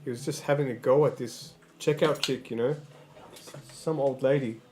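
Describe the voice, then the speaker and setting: A man's voice: mid-range voice, fairly even intonation, moderate pace, darkish tone. A man livestreaming in casual chat, rambling and swearing, often stammering and restarting his sentences.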